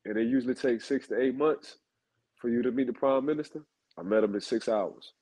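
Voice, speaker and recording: A man's voice: mid-range voice, a little fast, dark tone, low-quality recording. Storytelling man. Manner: storytelling, repeats names for emphasis. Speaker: football analyst co-host. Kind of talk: casual chat.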